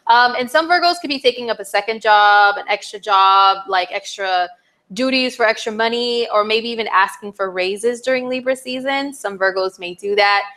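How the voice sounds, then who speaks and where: A young woman astrologer giving a casual, chatty forecast to her viewers, animated, with playful exclamations and frequent fillers. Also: mid-range voice, moderate pace.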